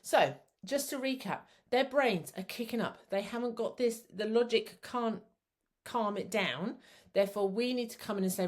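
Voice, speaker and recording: A woman's voice: mid-range voice, normal speed. Chatty woman explaining to parents. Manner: chatty, rambling, self-described waffler. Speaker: psychotherapist and parenting coach. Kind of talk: casual teaching talk.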